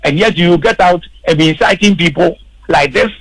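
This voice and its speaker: Emphatic male radio commentator with a gravelly edge and a dry, close sound. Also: high-pitched, moderate pace, fairly bright tone, dry recording, poor audio. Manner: emphatic, repeats words for stress. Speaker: political commentator. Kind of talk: radio panel discussion. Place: radio studio.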